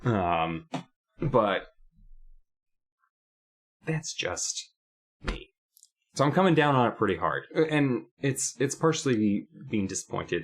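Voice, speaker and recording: A man co-hosting a podcast, reviewing a book in casual chat, rambling and emphatic, getting animated when he complains. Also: on the low side, slow pace, long pauses. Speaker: podcast co-host.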